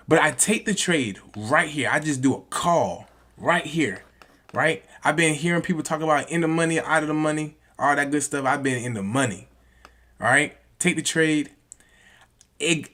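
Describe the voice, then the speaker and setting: A young man giving a casual trading lesson over a screen share, excitable, calling his viewers "y'all" and swinging from hushed to loud and high when he gets worked up. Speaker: trading educator.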